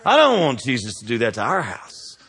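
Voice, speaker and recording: A middle-aged man, preaching a sermon that swings between loud exhortation and hushed asides. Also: mid-range voice, wildly swooping pitch, brisk, breathy edge, big-room sound. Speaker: pastor.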